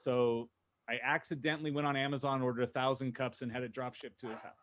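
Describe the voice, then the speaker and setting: Animated man telling dealership stories. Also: mid-range voice, fast talker. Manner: animated storyteller, acts out quoted voices. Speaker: panelist, dealership manager. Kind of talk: casual panel discussion.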